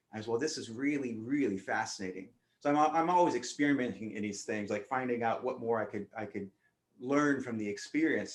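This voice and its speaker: Earnest man telling a spiritual story, roomy sound. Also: medium pitch. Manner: earnest, vivid first-person storytelling with frequent restarts. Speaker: panelist. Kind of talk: spiritual storytelling in a round-table discussion.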